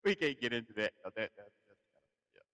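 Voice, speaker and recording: A man with a Southern US accent co-hosts a loose, casual podcast. He tells his stories with big swings in pitch and acts out other people's lines. His voice rings in a room with a long, echoing reverb. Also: fast talker. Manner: animated storytelling, acts out quotes. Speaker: podcast co-host. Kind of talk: casual chat.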